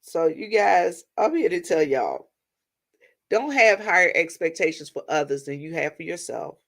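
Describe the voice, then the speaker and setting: Brief: middle-aged woman vlogger, gravelly, rambling chatty delivery. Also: fairly low pitch, expressive, normal speed. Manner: chatty, rambling, addresses viewers as y'all. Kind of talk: casual storytelling vent to viewers.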